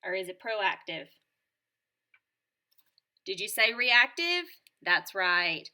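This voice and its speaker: Bright, upbeat woman teacher. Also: mid-range voice, a little slow, pauses often. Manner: upbeat, clear, encouraging teacher tone. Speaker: teacher presenting a school morning show lesson. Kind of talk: scripted lesson addressed to children.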